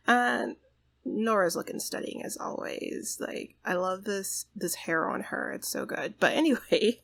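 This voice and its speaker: A woman's voice: medium pitch, expressive, slow pace, creaky. Chatty woman narrating a life-sim game. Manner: chatty, lots of "like" fillers. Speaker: gaming channel host. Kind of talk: casual let's play narration.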